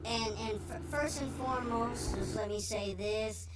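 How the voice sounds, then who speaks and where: A man speaking through a voice filter that raises his pitch, giving slow and hesitant opinions in a review. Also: over loud music, low-quality recording. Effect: pitch-raising voice filter. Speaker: livestream host reviewing a TV show.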